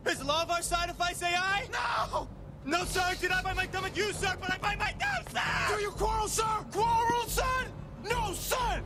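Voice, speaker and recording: Shrill, shouting hotheaded street brawlers. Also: male voice, noisy background. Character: rowdy young male street brawlers, hotheaded. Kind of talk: Shakespearean film dialogue. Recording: film audio heard from far off.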